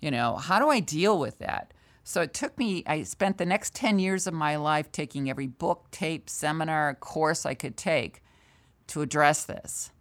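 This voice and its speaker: Older female sales trainer, low voice, candid and animated storyteller. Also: normal speed. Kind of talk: storytelling in a conversational interview.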